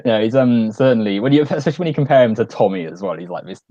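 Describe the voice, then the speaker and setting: A man chatting casually about a film, laughing often and slipping into quick impressions. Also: lively intonation, warm tone, dry recording, dull audio. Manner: giggly, often bursts into high-pitched impressions. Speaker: podcast co-host.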